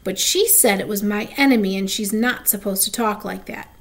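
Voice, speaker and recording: A woman's voice: mid-range voice, normal speed, gravelly. A woman voicing a haughty, insistent second-grade girl in a storybook reading. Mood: indignant.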